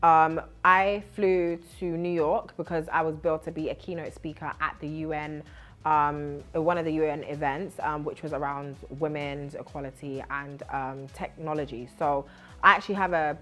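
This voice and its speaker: A young woman from Britain, a TV host, telling her story to camera in a lively, chatty way with lots of laughs. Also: low-pitched. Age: young adult. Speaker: vlogger and TV host.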